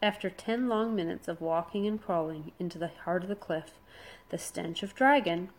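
A woman narrates a children's adventure book aloud. Her voice sits a little low for a woman. Her reading is steady and expressive. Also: poor audio. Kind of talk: storybook narration.

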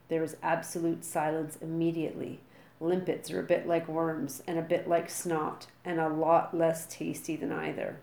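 A woman reading a children's storybook aloud with lively, dramatic delivery. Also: deep voice, moderate pace, vocal fry, echoey room.

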